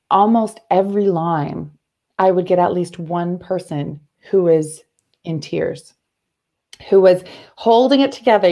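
A Canadian woman in her thirties, a guest telling stories in an earnest, animated way, often restarting her sentences. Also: on the low side, creaky. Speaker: interview guest, athlete and speaker. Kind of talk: conversational interview.

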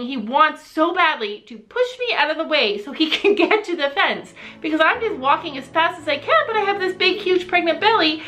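A young woman vlogger telling a funny family story in a lively, casual way, often laughing and acting out shouted quotes. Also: fairly high pitch, low-quality recording.

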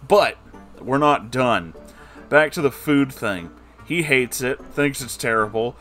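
A man's voice: medium pitch, animated, slow, a bit bright, faint music behind. A man giving comedic, sarcastic commentary while reading a book aloud, exasperated and swearing freely.

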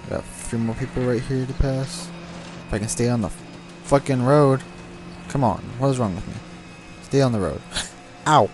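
This young gameplay commentator talks at normal speed in a medium-pitched voice, with background noise present. Racing along, he swears and grumbles at the cars, frustrated and addressing the game amid its music and car sounds.

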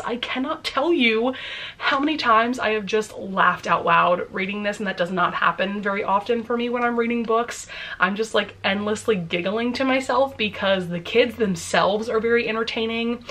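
A woman's voice: medium pitch, moderate pace, sharp tone. A young woman vlogging at home about books she loves, chatty and gushing, often laughing as she talks. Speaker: book vlogger. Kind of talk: casual reading vlog chat.

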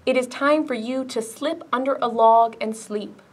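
A woman's voice: a little high, moderate pace, husky. A woman voicing a full, contented woodchuck who talks with a sigh, in a children's picture book read-aloud. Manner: sighing, contented.

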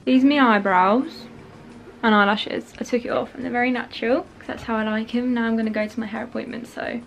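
A woman's voice: a little high, steady tone, a little fast, creaky, muffled recording, a little hiss or hum. A young woman, chatting frankly to camera in a casual vlog. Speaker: beauty vlogger.

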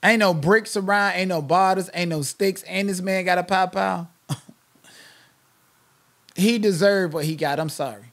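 A man's voice: sits high, steady tone, measured pace, long pauses. A man hosting a live-stream commentary channel, ranting in a blunt, sassy, emphatic way.

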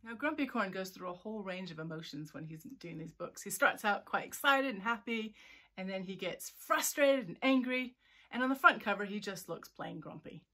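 A woman's voice: medium pitch, expressive, normal speed, bright, forceful tone. A woman author-illustrator leading a children's drawing tutorial, thinking aloud as she sketches and chatting playfully. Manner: voices little sound effects for her drawings.

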